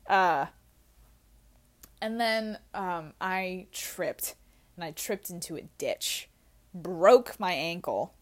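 A young woman, drinking as she talks, telling an embarrassing story in a candid, animated way, with free swearing and laughter at herself. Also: lowish voice, slow, long pauses. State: drinking while talking. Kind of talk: casual storytelling.

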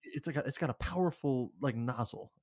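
A man's voice: mid-range voice, brisk, darkish tone. A man co-hosting a podcast, rambling through a casual story and acting out what people said. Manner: rambling, restarts, acts out quotes. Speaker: podcast co-host.

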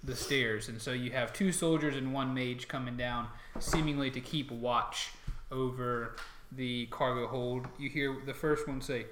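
Game master, male, halting narration, echoey room. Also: mid-range voice, steady tone, a bit bright. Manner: hesitant, lots of fillers.

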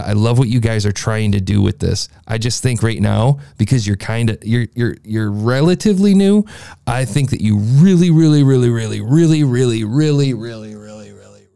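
Gravelly-voiced man giving a rambling podcast review. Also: fairly low pitch, dark tone, no echo, clean studio sound. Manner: rambling, enthusiastic, talks in circles. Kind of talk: casual review commentary. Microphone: processed studio mic, beefy sound.

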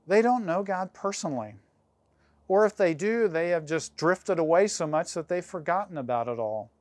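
A man preaching a sermon as pastor, earnest and measured, slowing down and pausing to stress key phrases. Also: on the high side, no echo.

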